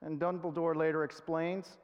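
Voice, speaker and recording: A man's voice: a little high, level tone, normal speed, dull audio. Earnest man preaching in a reverberant hall. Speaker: pastor. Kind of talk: sermon. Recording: long reverb of a large hall.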